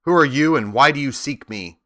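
Male reader as a huge magic head: stern, deliberate commands, bright timbre. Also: medium pitch, dry recording, studio quality, voice pushed up, close to an everyday voice. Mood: stern commanding.

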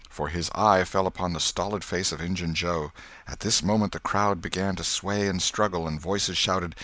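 A man narrating a classic novel as an audiobook with an expressive, dramatic reading. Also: deep voice, moderate pace.

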